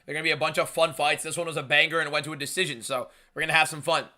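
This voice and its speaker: Loud, emphatic young male streamer. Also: a little high, level tone, rapid-fire. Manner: emphatic and shouty, reading viewer messages aloud. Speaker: live streamer hosting a fight watchalong. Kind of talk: live stream chat and fight commentary.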